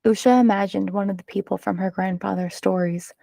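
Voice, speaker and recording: Woman reading a children's book aloud, gravelly. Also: mid-range voice, dry recording. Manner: expressive, measured narration. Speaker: storyteller.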